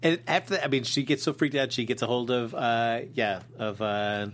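A man co-hosting a casual chat show, relaxed and conversational. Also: mid-range voice, moderate pace. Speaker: co-host. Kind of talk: casual chat reviewing a soap opera.

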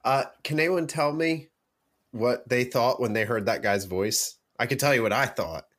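A man hosting a casual podcast, jokey and quick to interrupt. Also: medium pitch, a bit bright. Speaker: podcast host. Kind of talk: casual chat.

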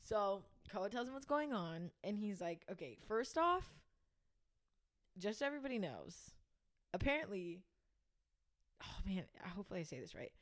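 A young woman co-hosts a casual podcast chat, telling a story with lots of laughter. She acts out what people said in little voices. Her pitch sits in the middle range. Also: moderate pace, pauses often. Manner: animated storyteller, laughs often, acts out quotes. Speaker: podcast co-host.

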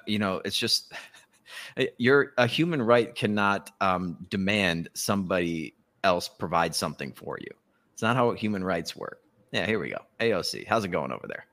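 A man's voice: fairly low pitch, animated, normal speed, fairly bright tone. A man hosting a podcast in casual political chat, sarcastic and profane, laughing often between remarks. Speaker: podcast host.

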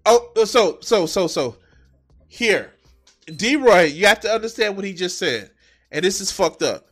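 A man mocking a clip in a profane, animated reaction commentary, cursing and laughing at the speaker. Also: high-pitched, a little slow, faint music behind. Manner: mocking, animated, swears heavily.

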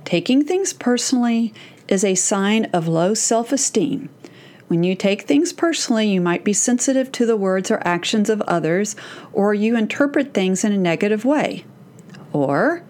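Middle-aged woman hosting a parenting podcast. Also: medium pitch. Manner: warm, direct and encouraging, addressing mothers. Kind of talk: solo podcast monologue.

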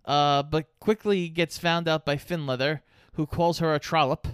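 A podcast co-host with a smooth, fairly high voice recaps a movie during a casual review chat. He speaks at a moderate pace with fairly even intonation, and the studio recording is clean with no room sound.

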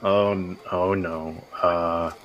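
A man's voice: sits low, flat delivery, takes it slowly, muffled recording, slight background noise. A man playing a tabletop game, flustered and often laughing. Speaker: player.

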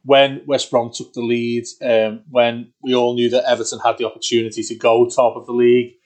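A man co-hosting a casual football podcast, talking in a rambling, excitable way with many restarts. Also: medium pitch, fairly quick. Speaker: podcast co-host.

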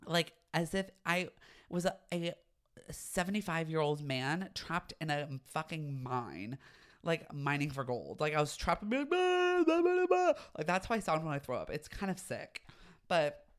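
A man's voice: a little high, animated, moderate pace, fairly bright tone. A young man hosting his own podcast, talking in a campy, dramatic, gossipy way and swearing freely. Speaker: podcast host. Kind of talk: casual solo podcast chat.

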